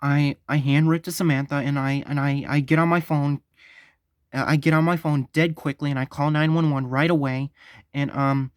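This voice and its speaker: A man telling a story on his vlog, halting and stumbling, often repeating himself. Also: a little high, fairly even intonation, dry recording, clean studio sound. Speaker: vlogger.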